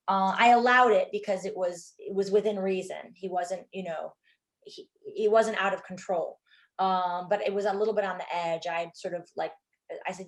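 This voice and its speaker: A middle-aged woman filmmaker, telling stories from a shoot in an interview, animated and quick to act out what people said. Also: medium pitch. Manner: animated, acts out quotes, many fillers. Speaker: filmmaker guest. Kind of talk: interview storytelling.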